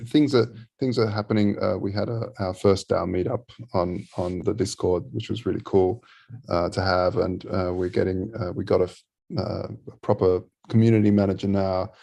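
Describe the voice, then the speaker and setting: A man in casual panel chat from a rented home, talking quietly and hesitantly with many fillers. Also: low-pitched, fairly even intonation, normal speed, vocal fry. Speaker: panel regular.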